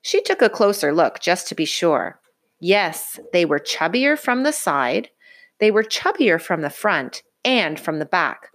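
A woman reading a picture book aloud to a child in an expressive, sing-song way. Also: fairly low pitch, unhurried. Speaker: storybook reader.

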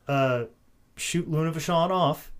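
A man hosting a casual podcast, telling a story with lively energy and laughing in the middle of his sentences. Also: on the high side, measured pace, smooth. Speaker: podcast host and wrestler.

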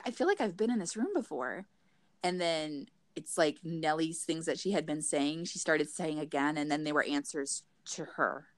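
A young woman casually retelling a TV episode, full of "like" and acting out the characters' lines. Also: dry recording. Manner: animated, acts out characters' lines in raised pitch; frequent fillers like "like".

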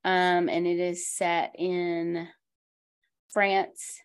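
Gravelly chatty woman book-talk host. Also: fairly low pitch, little pitch movement, extremely slow. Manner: chatty, laughs easily, many asides. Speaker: school librarian podcast host. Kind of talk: casual book talk chat.

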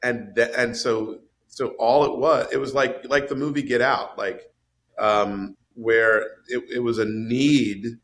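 A man in casual podcast chat about a film, animated and swinging his voice up high for emphasis. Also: unhurried. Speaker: podcast panelist discussing a film.

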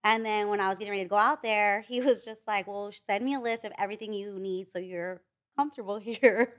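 A woman's voice: mid-range voice, quick pace. A young woman telling a dating story in casual chat, rambling with lots of likes and restarts. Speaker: guest.

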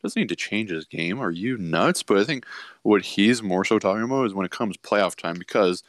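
Deep-voiced man ranting about hockey. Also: no echo. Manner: ranting, mocking, fast and animated. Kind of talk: casual sports chat.

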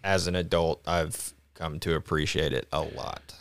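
A man's voice: rumbling low, little pitch movement, measured pace, a bit bright, no room sound. A man who is a guest on a podcast, chatting casually and cracking jokes. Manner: joking, wisecracking interjections. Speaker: guest, old neighborhood friend. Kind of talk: casual chat.

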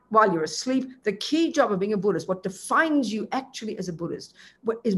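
A Buddhist teacher gives a dharma talk in a mid-range voice that is neither high nor low. The delivery is emphatic, piling up long lists and tossing in quick casual asides. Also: slightly rough.

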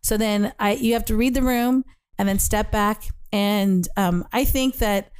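Brief: middle-aged female co-host, medium pitch, candid storyteller, casual chat. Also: unhurried, smooth. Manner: candid, storytelling, self-deprecating.

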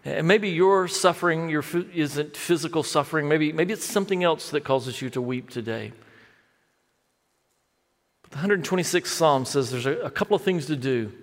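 A man preaching a sermon, rising into an impassioned, animated retelling with many repeated words. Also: long reverb tail. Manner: builds to impassioned, higher-pitched delivery when retelling.

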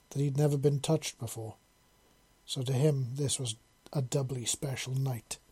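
Calm man with a dark husky voice. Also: mid-range voice. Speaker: narrator. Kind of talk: storybook reading.

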